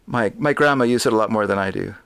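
A man's voice: on the low side, fast talker, gravelly, a bit bright, clean tone, no echo. A Canadian man with a Vancouver accent, chatting casually as a podcast co-host, often laughing and trailing off mid-sentence. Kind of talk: casual chat.

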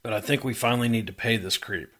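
A man voicing a gruff, impatient city mayor, talking in clipped, brusque questions. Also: medium pitch, fast, a bit bright, lightly acted. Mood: curt.

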